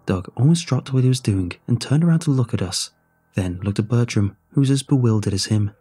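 A man's voice: medium pitch, animated, a little fast, warm tone, slightly rough, faint music behind. A man narrating a horror story in the first person, in a tense, scripted reading.

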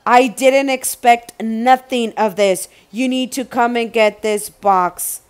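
A young woman with a high, smooth voice unboxing items for her vlog, talking in an unhurried way. She turns excited easily, exclaims often and repeats herself as she shows each item. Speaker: vlogger.

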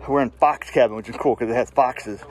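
A man with a mid-range voice and steady tone talks a little fast as he hikes a mountain trail outdoors. He's vlogging casually and out of breath, chatting with his viewers, calling them "guys" and using lots of fillers.

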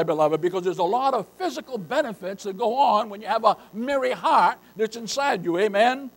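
An older man preaching a sermon as pastor, emphatic, often addressing listeners as beloved, rising to loud bursts. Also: extremely high pitch, animated, brisk.

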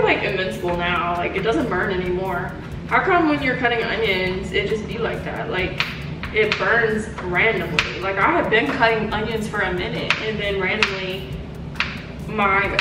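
A young woman chatting casually in a cooking vlog, playful and dramatic, often giggling and complaining. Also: mid-range voice. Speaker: vlogger. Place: home kitchen. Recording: echoey kitchen, far from mic, music behind.

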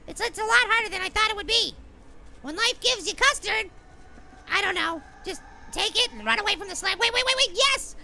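This is a tiny cartoon apple with a very high, squeaky voice. The voice has a gravelly edge, and the tone is bright and sharp. It narrates a game with excitable yelling and silly name-calling. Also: full character voice. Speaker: gaming video host. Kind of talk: cartoon character game commentary.

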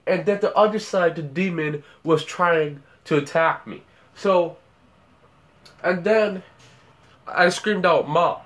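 Slow rambling young man telling a dream. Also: fairly high pitch, fairly bright tone. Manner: rambling, repeats words, acts out scenes. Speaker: vlogger. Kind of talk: casual storytelling about a dream.

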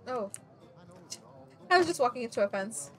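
A woman streaming a video game, chatting excitably, laughing often and swearing casually. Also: fairly high pitch, moderate pace. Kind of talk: casual gameplay commentary.

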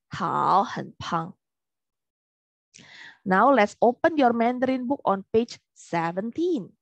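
A woman leads a classroom-style language drill, stretching each word out with exaggerated swoops in pitch. Her voice sits a little high and she takes her time over every syllable. The sound is dry and close. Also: very animated, creaky, dry recording. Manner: slow, over-stretched tones, patient repetition. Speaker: Mandarin teacher.

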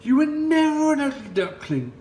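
Man doing kind, graceful storybook swans: high, soft, coaxing; echoey room. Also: very animated, moderate pace, a little hiss or hum, full character voice. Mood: gentle. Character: graceful, kindly female swans. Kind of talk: storybook read-aloud.

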